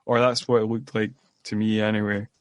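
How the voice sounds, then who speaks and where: A man's voice: fairly low pitch, level tone, fairly quick, clean tone, no room sound. A man co-hosting a movie podcast, recapping a film in casual chat full of fillers and restarts. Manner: rambling, many fillers and restarts. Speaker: podcast co-host. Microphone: podcast microphone.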